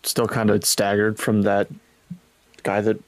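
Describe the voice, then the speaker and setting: A man playing in a tabletop game who talks in a hesitant, halting way. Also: on the low side, completely flat delivery, no echo. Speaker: player.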